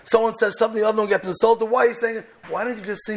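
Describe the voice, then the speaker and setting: A man giving an impassioned sermon on the Torah portion, swinging from loud rhetorical questions to soft, hushed lines and peppering his English with Hebrew terms. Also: high voice, fairly even intonation, racing, gravelly, a little hiss or hum. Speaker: Torah teacher.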